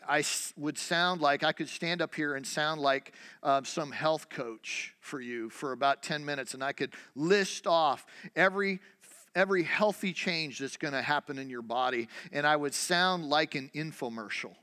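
Pastor guy preaching, chatty, lots of questions, high voice, church echo. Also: moderate pace, pushed and bright, clear, resonant tone. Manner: conversational preaching, rhetorical questions, repeated restarts. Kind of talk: sermon. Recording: long hall reverb.

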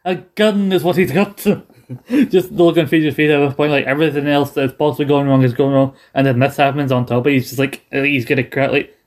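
A podcast host with a medium-pitched, level voice talks fast in a casual chat, rambling through his favourite TV episodes. He laughs often and trails off mid-sentence.

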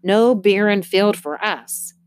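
A woman's voice: sits low, animated, measured pace, darkish tone. A woman reading aloud, voicing a determined young girl who talks to herself fiercely. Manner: fierce, urgent inner talk.

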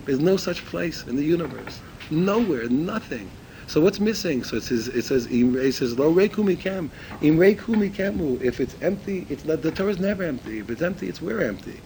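A man's voice: a little high, fairly quick, a little hiss or hum, rough recording. An older man teaching Torah in an informal talk. He tells stories with lots of expression, acting out the dialogue, and often repeats and restarts his phrases. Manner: animated storytelling, acts out dialogue in a raised voice.

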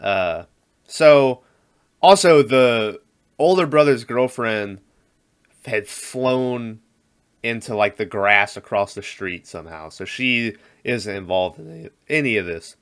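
Male podcast co-host, casual rambling recap, mid-pitched. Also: expressive, slow pace, smooth. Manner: rambling, laughs often, acts out quotes. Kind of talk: casual movie recap chat.

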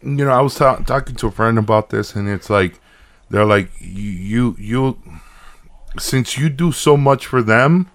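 A man's voice: medium pitch, a little slow. A man in his thirties, a podcast co-host, telling a story in casual chat, acting out both sides of a conversation and swearing when worked up.

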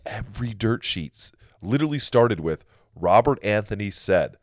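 A man hosting a casual home podcast, telling stories with swearing and animated quoted asides, recorded in a basement. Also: fairly low pitch, normal speed, dry recording, clean studio sound. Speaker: podcast host.

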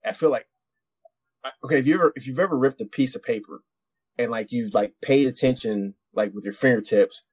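Profane rambling veteran storyteller. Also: male voice, mid-range voice, fairly quick, darkish tone, husky, dry recording. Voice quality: rambling, profane, many restarts. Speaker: podcast co-host, military veteran. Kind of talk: casual storytelling.

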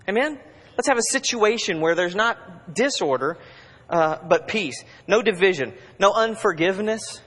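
A man preaching to his congregation, his voice sitting a little high for a man and ringing with a long hall reverb. He talks in a conversational way, pushing hard in urgent bursts and then dropping to quiet asides. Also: expressive, moderate pace. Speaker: pastor. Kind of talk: sermon.

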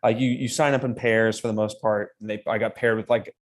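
Animated young man telling a story. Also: fairly low pitch, brisk. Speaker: podcast co-host. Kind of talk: casual storytelling chat.

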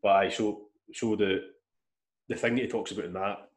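A man telling a long story in casual chat, rambling and animated, with restarts and swearing. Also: lowish voice, normal speed. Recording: echoey room.

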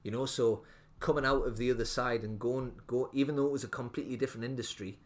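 A young restaurant owner, a podcast guest, tells his story in a casual interview, rambling with plenty of fillers and restarts. He talks fast in a mid-range voice with a steady tone.

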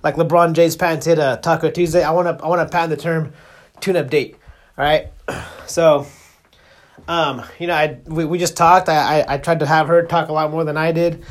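A man's voice: fairly high pitch, level tone, normal speed. A young man talking casually in a rambling, joking way on his solo podcast, full of restarts and fillers. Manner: laid-back, joking. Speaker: podcast host.

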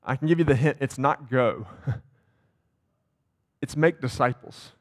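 A man's voice: medium pitch, unhurried. A man preaching a sermon as campus pastor, talking casually and asking the congregation questions. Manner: conversational, asks the congregation questions. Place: church sanctuary.

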